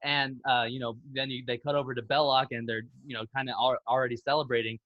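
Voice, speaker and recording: A man's voice: mid-range voice, flat delivery, fast, no room sound, muffled recording. A man co-hosting a casual film podcast, eagerly retelling movie scenes and acting out their lines. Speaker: podcast co-host.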